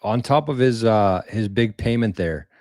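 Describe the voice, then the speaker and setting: Speaking unhurriedly in a fairly low, darkish voice, a man hosts a laid-back live stream and reads viewer tips aloud. His thanks ramble, with repeated words and mild slang, and the recording is dry and studio-clean.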